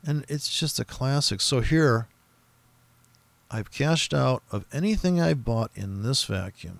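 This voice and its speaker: A man's voice: on the low side, gravelly, no echo. A man giving rambling, profane, casual commentary while trading, often mimicking other traders. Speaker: forex trader streaming his trading.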